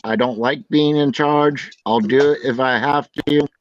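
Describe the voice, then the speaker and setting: A man's voice: medium pitch, fairly even intonation, unhurried, no echo. Blunt, self-deprecating man, panel chatter, dull lo-fi audio. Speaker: panel guest. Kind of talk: casual panel chat.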